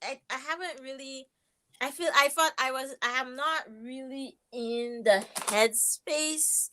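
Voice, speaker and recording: A woman's voice: sits high, slow pace, bright, forceful tone, slight background noise. A woman guest in a casual makeup chat, talking hesitantly and restarting her sentences.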